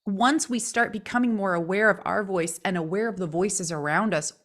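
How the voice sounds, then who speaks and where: A woman's voice: medium pitch, moderate pace. A woman from California, a voice coach co-hosting a casual podcast, talking expressively and shaping her intonation to make her points. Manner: expressive, plays with intonation to demonstrate.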